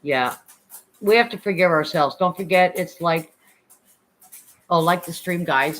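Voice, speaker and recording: A woman's voice: lowish voice, animated, normal speed, fairly bright tone, poor audio. A woman livestreamer chatting casually with viewers, frank and emotional, swearing freely and greeting chatters by name. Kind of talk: casual live-stream chat with viewers.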